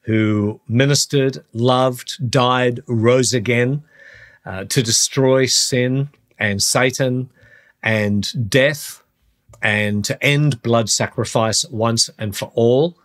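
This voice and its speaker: A middle-aged man hosting a podcast, talking earnestly through a Bible teaching and slowing down on the points he wants to stress. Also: mid-range voice, fairly even intonation. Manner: earnest, slows down on key phrases. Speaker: podcast host, Christian teacher.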